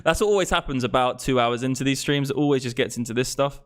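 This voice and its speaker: With a mid-range voice at a quick pace, a young crypto livestream host gets fired up over politics. He swears freely throughout the rant, speaking into his streaming microphone.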